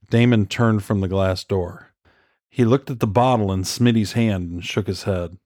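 A man reading thriller narration in an even, measured way. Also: fairly low pitch, no room sound, clean studio sound. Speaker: audiobook narrator.

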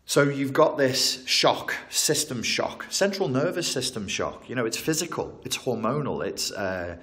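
A man, a therapist who works with trauma, explaining ideas in an interview in an animated, emphatic way, often repeating and correcting himself. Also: medium pitch, a little slow.

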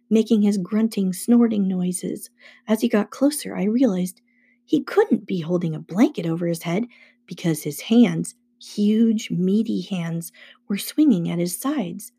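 A woman narrating a first-person adventure novel aloud in a steady storytelling manner. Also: medium pitch, breathy edge. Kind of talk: audiobook reading.

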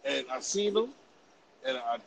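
A man around forty, telling a story in animated, profane, laughing casual podcast chat. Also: high-pitched, measured pace, vocal fry, a little hiss or hum, poor audio. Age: about 40. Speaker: podcast host.

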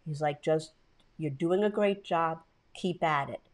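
A woman's voice: deep voice, measured pace, slight background noise. A woman co-hosting a podcast, telling a story casually with swearing and feeling. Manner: profane, heartfelt storytelling. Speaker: podcast co-host. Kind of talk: casual chat.

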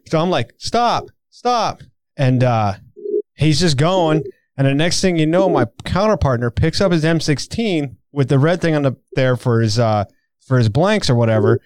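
A man's voice: on the high side, no echo. Laughing man telling a crude anecdote. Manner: laughs often, profane anecdotes. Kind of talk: casual storytelling chat.

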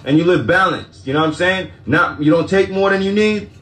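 A man's voice: sits high, brisk, a bit bright, roomy sound. A man talking to his audience in a loose, profane, casual monologue, often breaking into laughter.

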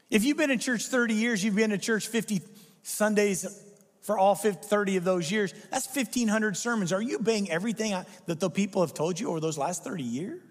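A man's voice: sits high, long reverb tail. A male pastor preaching a sermon with emphatic delivery, firing rhetorical questions at the congregation.

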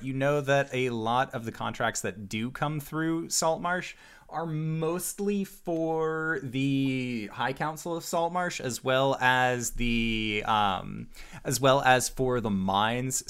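Male game master, unhurried narration, smooth clear voice, casual and easygoing. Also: medium pitch. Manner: relaxed, casual, with fillers.

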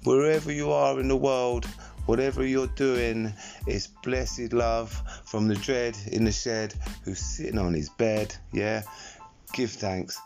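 Gravelly older man hosting a podcast. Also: mid-range voice, fairly even intonation, takes it slowly, darkish tone, faint music behind. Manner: rambling, laid-back, chatty with many fillers. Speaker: podcast host. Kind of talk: reflective solo storytelling podcast.

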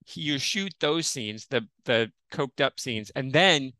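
A man guesting on a podcast, talking about films in an animated, jokey way. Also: medium pitch, measured pace, no room sound. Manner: animated, jokey, slips into impressions. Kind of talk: casual film discussion.

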